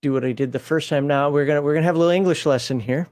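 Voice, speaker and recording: A man's voice: on the high side, racing, darkish tone. An American man co-hosting a casual game-book chat, reading viewer questions and arguing over pronunciation. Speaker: podcast co-host.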